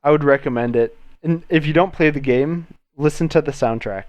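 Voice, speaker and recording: A man co-hosting a podcast, relaxed and agreeable in casual chat. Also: a little high, brisk, no room sound. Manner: relaxed, agreeable, short replies. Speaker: podcast co-host.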